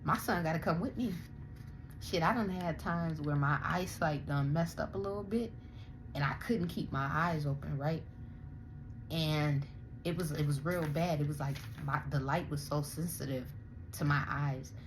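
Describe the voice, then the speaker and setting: A young woman with a slightly low voice rants to her viewers in casual vlog commentary. She talks bluntly and swears freely, with plenty of animated emphasis. A faint hum of room noise sits behind her. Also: moderate pace. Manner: blunt, profane, animated ranting. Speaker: vlogger commenting on other creators.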